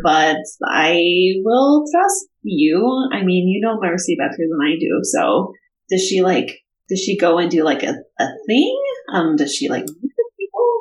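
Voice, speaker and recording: A woman's voice: medium pitch, reverberant, low-quality recording. A woman playing a tabletop role-playing game in character, talking hesitantly with many fillers and restarts. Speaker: player.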